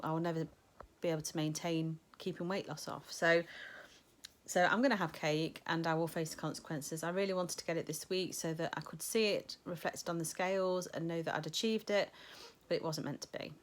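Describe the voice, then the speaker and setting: Middle-aged woman, vlogger, low-ish voice, casual rambling chat. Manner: chatty, rambling, many ums. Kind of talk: casual weight-loss vlog chat.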